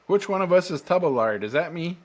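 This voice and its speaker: A man's voice: on the high side, lively intonation, fairly quick, darkish tone. Joking young man co-hosting a podcast. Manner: jokey, theatrical gasps and self-mocking. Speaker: podcast co-host. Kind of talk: casual chat.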